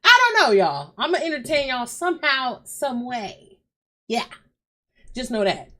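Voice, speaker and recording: A woman's voice: high-pitched, sing-song, measured pace, fairly bright tone. A woman hosting a reaction video, chatting loosely with her viewers from a hot bedroom at home, swearing freely and calling them y'all. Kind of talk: casual chat to viewers.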